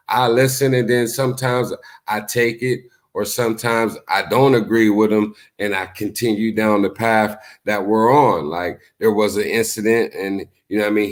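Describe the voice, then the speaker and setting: Laid-back low-voiced man talking to camera. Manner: laid-back, repeats "you know what I mean". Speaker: YouTube show host. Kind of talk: casual talk to camera.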